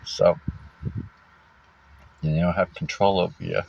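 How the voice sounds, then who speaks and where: Deep-voiced man telling his story haltingly. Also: steady tone, gravelly. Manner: halting, frequent fillers and restarts, wry laughs. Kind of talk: casual personal storytelling. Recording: dull lo-fi recording.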